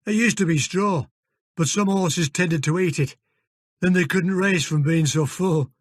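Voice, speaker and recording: A man voicing a gruff, defensive stables manager with a northern English accent, talking bluntly. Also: high-pitched, a little slow, dry recording, studio quality, pitched above the performer's own voice. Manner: blunt, curt.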